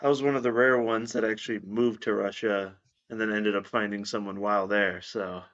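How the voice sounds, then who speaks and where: A man making brief, low-key remarks in a casual livestream chat. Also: steady tone, brisk, highs cut off, a crowd in the background.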